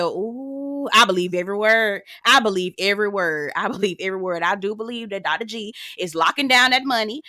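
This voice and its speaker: A woman's voice: medium pitch, sharp tone, no echo, clean studio sound. A woman recapping a reality show for her viewers in a sassy, laughing, slang-filled style. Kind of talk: casual commentary to viewers.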